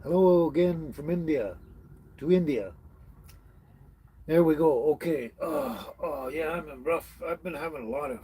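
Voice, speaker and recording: A man's voice: on the high side, a little slow, warm tone, husky. A man hosting a casual livestream from a tiny house on wheels. He greets viewers and reads their comments, chuckling often and stumbling over names. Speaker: livestream host. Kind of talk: casual live chat reading viewer comments.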